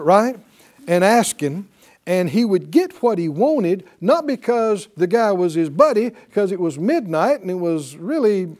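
A man preaching a lively sermon, calling out to his congregation and acting out the voices in his stories. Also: sits high. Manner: animated, call-and-response, acts out quoted voices.

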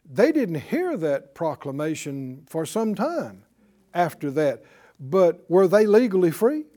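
An older man delivers a sermon in a high-pitched voice. He swings his pitch widely as he preaches and calls on the congregation to answer him back. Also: takes it slowly. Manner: animated, call-and-response with congregation. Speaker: pastor.

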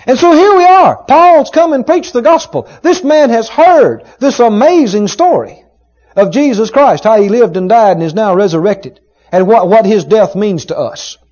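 Man, pastor, sermon, animated delivery, emphatic, muffled recording. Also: sits high, normal speed. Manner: emphatic, dramatic retelling with rising shouts.

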